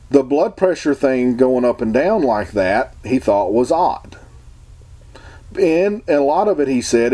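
A man's voice: medium pitch, mellow. A man talking casually and emphatically to his viewers, opinionated and rambling, often restarting his sentences. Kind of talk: casual talk to camera.

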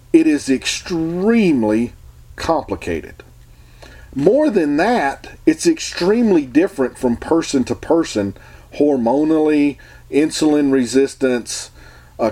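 Opinionated man with a mellow voice. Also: mid-range voice. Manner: emphatic, opinionated, rambling with restarts. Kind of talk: casual talk to camera.

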